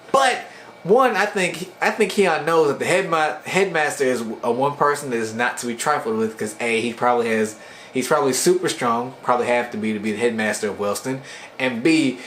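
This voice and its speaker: A man casually recapping webcomic chapters for his channel, retelling scenes with slangy asides and quick voiced-out lines for the characters. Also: medium pitch, a bit bright, roomy sound, slight background noise. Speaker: webcomic reviewer.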